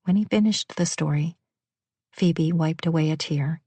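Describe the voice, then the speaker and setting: Low, mellow female audiobook narrator. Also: unhurried, husky, no echo. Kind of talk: scripted romance narration.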